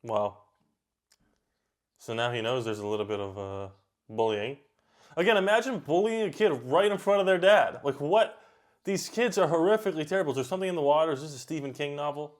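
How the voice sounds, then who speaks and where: A man hosting a reaction video, chatting casually and talking back at the screen with quick outbursts. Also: fairly high pitch, expressive.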